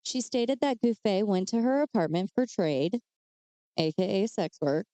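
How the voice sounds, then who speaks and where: A woman's voice: mid-range voice, lively intonation, a little slow, mellow, dry recording. A woman co-hosting a podcast, telling true crime cases in a casual way with chatty asides. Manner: reads case details with chatty asides and fillers. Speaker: podcast co-host.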